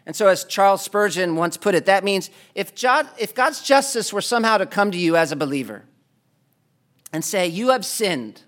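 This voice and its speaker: A man preaching a sermon, impassioned, building to loud pleading climaxes. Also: high-pitched, lively intonation, normal speed.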